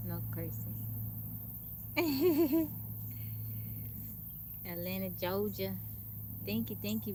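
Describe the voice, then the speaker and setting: A woman's voice: fairly low pitch, background noise. Chatty woman streaming from the forest. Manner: chatty, greets viewers and reads out their comments. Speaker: livestream host. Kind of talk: casual live-stream chat. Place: outdoors in a forest.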